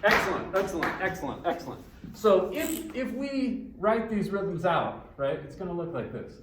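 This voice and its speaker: A man's voice: high-pitched, sing-song, moderate pace, noisy background. A man teaching a group rhythm class, counting beats aloud and cheering the students on. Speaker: guitar teacher. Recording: roomy, distant mic, music in the room.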